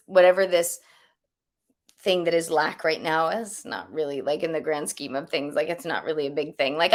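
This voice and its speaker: A woman's voice: lowish voice, fairly bright tone. A woman spiritual teacher giving casual, rambling advice, full of fillers and restarts. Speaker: spiritual teacher answering questions.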